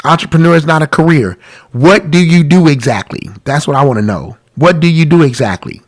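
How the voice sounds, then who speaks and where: A man's voice: a little high, lively intonation, fairly quick. A man hosting a live-streamed talk about money, congested from a cold, earnest and pleading, repeating himself. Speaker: podcast host.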